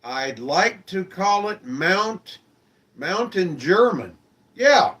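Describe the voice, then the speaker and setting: A man with a rather high voice hosts a live stream, chatting with his viewers in a friendly way. He talks slowly and easily and keeps asking them questions. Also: big pitch swings, fairly bright tone. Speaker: live-stream show host. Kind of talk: casual chat with viewers.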